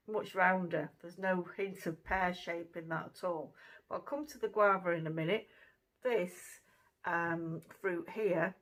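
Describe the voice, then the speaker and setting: A woman hosts her own channel, casually chatting her way through a fruit taste test at home, conversational and full of fillers. Her voice is fairly low and a bit bright, and the audio is poor.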